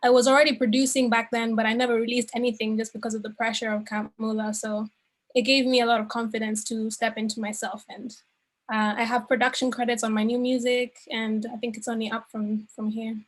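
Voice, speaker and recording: A woman musician answers in a relaxed, loose way, her fairly high voice dotted with casual fillers. She sounds easygoing and reflective in a plain interview setting. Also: brisk. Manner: relaxed, filler-heavy "like" phrasing. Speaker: musician guest.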